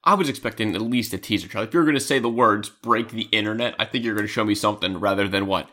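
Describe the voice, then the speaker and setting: A man's voice: on the low side, fast, pushed and bright, slight background noise. A man co-hosting a podcast, chatting casually in a blunt way and swearing freely. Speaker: podcast co-host. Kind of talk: casual chat.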